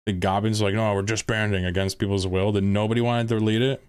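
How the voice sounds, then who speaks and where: A man's voice: fairly low pitch, little pitch movement, fast talker, clear, resonant tone, no room sound, studio quality. A man commentating casually on a stream, exasperated and swearing as he reads posts aloud.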